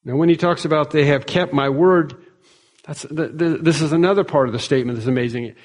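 A man preaching a sermon in an earnest, measured way, quoting speakers in small acted-out voices. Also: fairly high pitch, darkish tone. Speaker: pastor. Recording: long reverb of a large hall.

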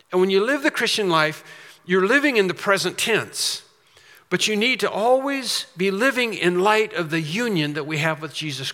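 A man's voice: sits high, sharp tone. A man preaching a sermon as pastor, emphatic, with rhetorical questions and repeated phrases. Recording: long reverb of a large hall.

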